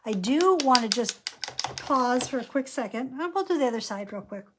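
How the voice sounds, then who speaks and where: A woman's voice: fairly high pitch, expressive, normal speed, background noise. Chatty woman narrating a painting lesson. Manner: chatty, narrates each brushstroke aloud. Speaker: painting instructor.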